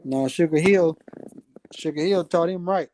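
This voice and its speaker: A man's voice: on the high side, a little slow, warm tone, slight background noise. A man on a boxing talk stream, chatting casually and agreeably, often saying "you know what I'm saying".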